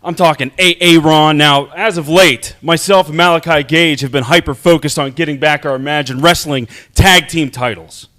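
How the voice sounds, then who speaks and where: A man's voice: a little high, normal speed, hardly any pauses, sharp tone. A man cutting a brash, confident wrestling promo as a tag team wrestler.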